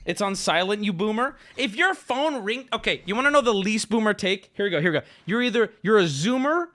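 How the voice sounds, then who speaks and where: High, lively, riled-up male streamer. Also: fairly quick. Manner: profane, stammering, riled-up storytelling. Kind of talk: casual livestream rant.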